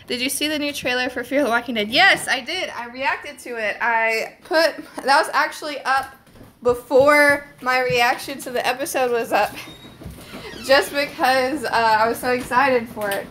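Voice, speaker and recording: A fairly high-voiced young woman chats through a casual live stream from her phone at home. She rambles easily and leans on "like" as a filler. A faint hiss sits under her voice. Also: moderate pace, fairly bright tone. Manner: chatty and rambling, many "like" fillers.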